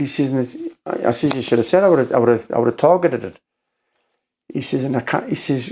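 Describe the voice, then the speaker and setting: A man with a Geordie accent, a podcast guest telling a story in a rambling, halting way, acting out quotes with "I says". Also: medium pitch, a little mellow, breathy edge. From Newcastle, England. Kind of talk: casual storytelling conversation.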